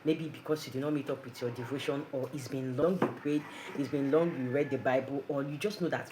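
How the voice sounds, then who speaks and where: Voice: mid-range voice, fast, hardly any pauses, background noise. An earnest preacher gives a conversational devotional talk full of rhetorical questions.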